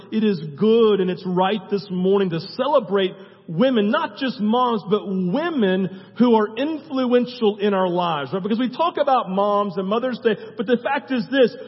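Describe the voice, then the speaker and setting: A man's voice: sits high, big-room sound, dull audio. A man, a pastor, preaching a conversational sermon and often checking in with the congregation with "right?" asides. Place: church sanctuary.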